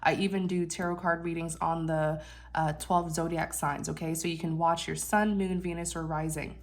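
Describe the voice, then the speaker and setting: A woman's voice: deep voice, little pitch movement, normal speed. Nasal-voiced woman reading tarot. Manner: gentle, reassuring, fillers and restarts. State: unwell, congested. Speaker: tarot reader.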